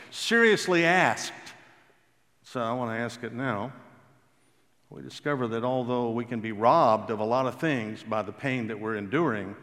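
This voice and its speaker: A man preaching a sermon, telling stories and stressing key words slowly and emphatically. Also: medium pitch, a bit bright. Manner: storytelling, emphatic with slow drawn-out stresses. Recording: long hall reverb.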